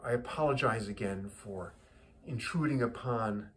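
A man's voice: lowish voice, a little slow, a little hiss or hum, pitched below the performer's own voice, lightly acted. A man voicing a polite male businessman who apologizes and stammers as he asks questions. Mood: apologetic.

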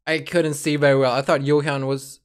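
A host giving a casual reaction commentary, excitable, bursting into gasps, shrieks and the odd swear word. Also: fairly quick, clear, resonant tone. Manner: lively, jumpy pitch.

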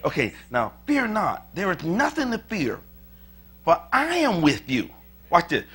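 A male pastor preaching a sermon to his church, moving from quiet scripture reading to fervent shouted declarations, with chatty asides to the congregation. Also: sits high, a little slow, breathy edge. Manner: animated, conversational, with asides to the congregation. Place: church sanctuary.

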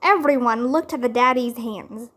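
A woman reading a children's chapter book aloud in a gentle, expressive way. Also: a little high, normal speed. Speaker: storybook reader.

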